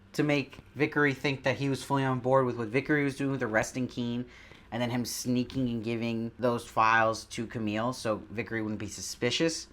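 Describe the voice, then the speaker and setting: A man with a voice of ordinary, middle pitch hosts his own review show and talks through a TV episode in a loose, conversational way. He sounds enthusiastic and often turns to his audience with questions. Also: a bit bright. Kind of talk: casual spoken episode review.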